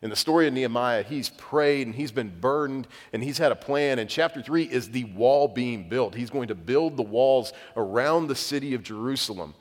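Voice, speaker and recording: A man's voice: mid-range voice, moderate pace, hardly any pauses. A man preaching a sermon as pastor, telling conversational, self-deprecating stories. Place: church sanctuary. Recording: long reverb of a church hall.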